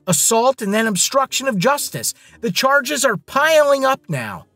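A man's voice: very high-pitched, sing-song, a little slow, pushed and bright, no room sound, pitched above the performer's own voice, exaggerated voice. A man voicing a scheming, cocky rich young man who talks in a bossy, demanding way.

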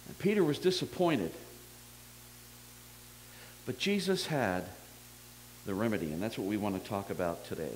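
A male pastor preaches in an easygoing, conversational way, swinging his pitch up and down as he tells the story and drops in jokes at his own expense. A faint hum sits under the recording. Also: expressive, normal speed, pauses often, darkish tone, low-quality recording. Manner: conversational, folksy storytelling that acts out dialogue; self-deprecating humor. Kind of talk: sermon.

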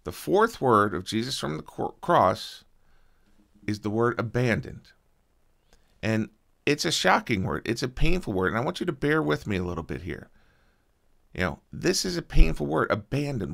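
A man preaching a sermon as pastor, earnest and conversational, with a soft-spoken prayer full of small fillers. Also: medium pitch, big pitch swings, normal speed, creaky.

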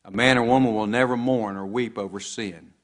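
A man's voice: fairly low pitch, steady tone, brisk. A man preaching a sermon, quoting scripture with rising and falling emphasis.

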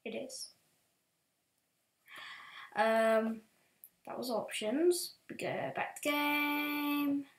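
Woman, let's play host, gameplay commentary, excitable, loud bursts and quiet mutters, slightly high voice, echoey room. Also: drawn-out words, long pauses, a little hiss or hum. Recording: roomy echo.

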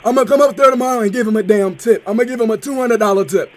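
A man's voice: very high-pitched, racing. A young man faking a cursing, chicken-crazed dad on the phone. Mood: rowdy. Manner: loud, crude, cursing, insistent. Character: brash swearing middle-aged dad raving about chicken. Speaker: prank caller.

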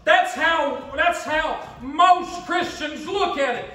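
A pastor, delivering an impassioned sermon and acting out the voices of believers. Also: male voice, extremely high pitch, unhurried, pushed and bright, recorded from a distance. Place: church sanctuary. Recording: echoey church sanctuary, mic from afar.

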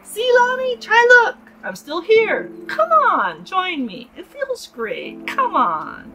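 A woman reading aloud and voicing a playful young man who teases, with a Hawaii Pidgin accent and a loud, high voice. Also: big pitch swings, a little slow, soft background music, exaggerated voice, low-quality recording. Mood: taunting. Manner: loud, teasing, high-pitched shouting.

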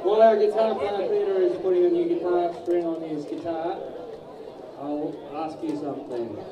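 A man in a band, telling crude jokes deadpan between songs into the PA at a small club. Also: a little high, normal speed, lo-fi sound. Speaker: band member on stage. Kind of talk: stage banter telling jokes. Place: small live music venue, indoors. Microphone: stage PA heard from the audience. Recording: echoey club, taped far from stage. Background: loud crowd.

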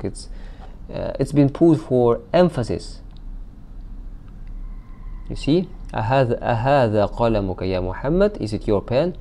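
A man teaching a recorded language lesson. He reads out example sentences, then explains them slowly with frequent hesitations and fillers. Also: mid-range voice, big pitch swings, mellow. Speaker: Arabic teacher.

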